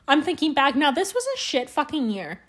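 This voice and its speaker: In rambling storytelling on her solo podcast, the young Canadian host curses freely and makes fun of herself. She talks a little fast in a high, very animated voice that is slightly bright.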